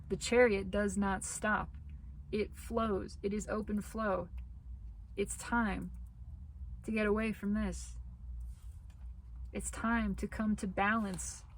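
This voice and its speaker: Lady doing a spiritual tarot reading, slow and repetitive, voice going a bit hoarse, some faint noise behind. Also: medium pitch, rough recording. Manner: slow, repetitive, reassuring phrasing. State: losing her voice. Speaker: tarot reader.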